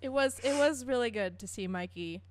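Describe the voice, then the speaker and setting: A woman's voice: a little high, expressive, moderate pace. A young woman co-hosting a casual fan podcast, giggly and hesitant, often restarting her sentences. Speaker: podcast co-host.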